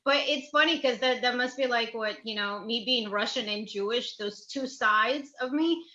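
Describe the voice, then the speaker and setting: A woman from Ukraine chatting casually as a comedy guest, animated and rambling with a self-deprecating streak. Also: on the high side, moderate pace. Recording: echoey dull-sounding room.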